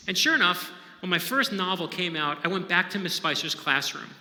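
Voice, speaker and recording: A man, a novelist, speaks fast with few pauses in a high, expressive, pushed and bright voice. His inspirational storytelling talk is conversational and emphatic, with frequent audience check-ins, and the hall around him echoes with long reverb.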